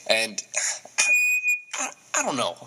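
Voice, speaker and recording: A young man co-hosting a casual sports talk show, animated and repeating words when he gets worked up. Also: lowish voice, slow, very noisy. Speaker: co-host.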